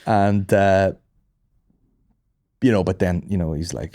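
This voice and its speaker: A man, a comedy podcast host telling stories in a profane, animated way and acting out the other voices. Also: low-pitched, normal speed, pauses often, no echo, clean studio sound. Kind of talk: casual storytelling chat.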